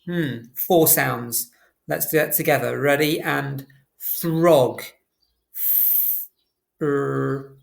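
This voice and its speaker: Slow, gravelly-voiced phonics teacher. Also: mid-range voice. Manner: slow, sounding out words letter by letter. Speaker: primary school teacher. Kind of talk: phonics lesson for young children.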